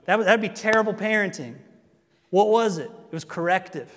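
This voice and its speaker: A man preaching a sermon as pastor, animated, joking and acting out quotes. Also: high-pitched, normal speed, long reverb tail. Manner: animated, jokes and acts out quotes.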